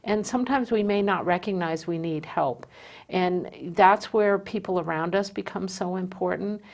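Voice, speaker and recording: A woman host speaks to her audience in a slightly low voice, earnest and sincere. She pauses often with "um" between her thoughts. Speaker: host of a community talk show. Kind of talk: hosting a live community show.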